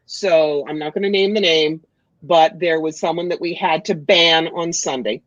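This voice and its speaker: A woman author chatting on a livestream, telling stories with lively quoted bits. Her voice is mid-pitched and sounds dull and lo-fi, very dry with no room. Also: dry recording. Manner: animated storyteller, quick to quote and act out others. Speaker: guest author. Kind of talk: casual livestream chat.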